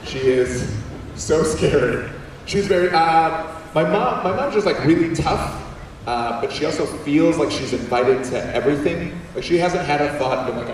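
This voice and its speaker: A young man from Puerto Rico, whose first language is Spanish, giving an animated comic story talk to a school assembly. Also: on the high side, moderate pace. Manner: animated, jokey, quotes people in voices. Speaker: guest speaker. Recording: echoey hall, distant mic, faint room noise.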